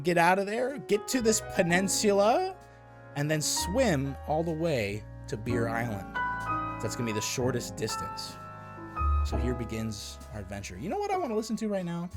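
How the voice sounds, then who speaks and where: Excitable man streaming a game. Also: medium pitch. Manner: excitable, swears, reads game text aloud. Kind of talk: casual gameplay commentary.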